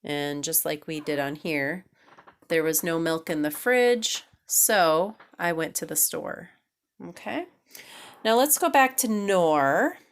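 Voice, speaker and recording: A woman's voice: low voice, animated. A woman teaching an English grammar lesson, patiently reading examples aloud and checking in with "okay?" after each point. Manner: slow and deliberate, reads examples aloud.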